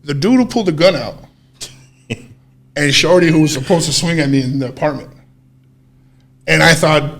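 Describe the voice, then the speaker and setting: A man with a fairly high voice speaks at normal speed, pausing often, while telling a long personal story as a podcast co-host. His storytelling is casual, animated and full of swearing, and he acts out people's quotes.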